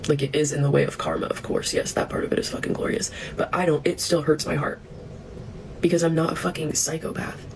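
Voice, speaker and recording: A woman's voice: low voice, fairly even intonation, a little fast, noisy background. A woman vlogger delivering a heated, profane rant to camera, breaking into scornful laughs. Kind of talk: ranting monologue to camera.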